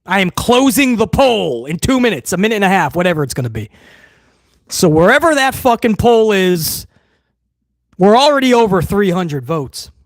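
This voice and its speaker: A man's voice: high-pitched, very animated, normal speed, no room sound, studio quality. A man hosting a live wrestling watch-along stream, ranting bluntly and swearing freely in casual commentary.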